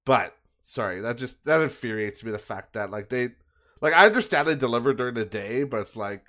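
This Canadian man's podcast is a casual rant: he swears, vents his exasperation, and laughs off his own bad luck. He speaks a little fast at medium pitch, with an expressive delivery and a fairly bright tone.

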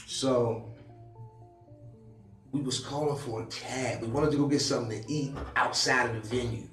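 A man who raps, telling a story in casual chat with profane slang and loud acted-out quotes. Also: mid-range voice, normal speed, reverberant, distant mic, faint music behind. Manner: animated, profane street slang, acts out quotes loudly. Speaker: rapper.

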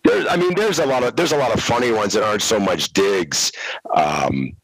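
A middle-aged man, a former hockey referee, telling relaxed stories as a guest over a video call. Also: lowish voice, moderate pace, rough recording. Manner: relaxed anecdotal telling, frequent restarts. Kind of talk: casual storytelling interview.

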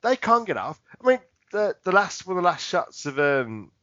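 A man's voice: high-pitched, big pitch swings, normal speed, a bit bright, lo-fi sound. A British man co-hosting a podcast, rambling and laughing often, drunk, losing his words. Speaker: podcast co-host. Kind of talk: casual drunken banter.

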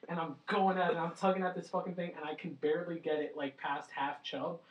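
A man's voice: on the high side, brisk, lo-fi sound, a little hiss or hum. A young man co-hosting a casual podcast, telling stories with lots of swearing and acting out what others said. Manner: animated storyteller, swears freely, voices others in quotes. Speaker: podcast co-host. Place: small home studio. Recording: roomy, distant mic, poor quality.

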